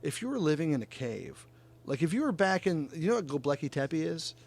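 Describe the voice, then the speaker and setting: A man's voice: on the high side, fairly quick, gravelly. A man hosting a casual podcast chat who swears freely, laughs a lot and tells stories with energy. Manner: profane, laughs often, animated storyteller. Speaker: podcast host. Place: northern California.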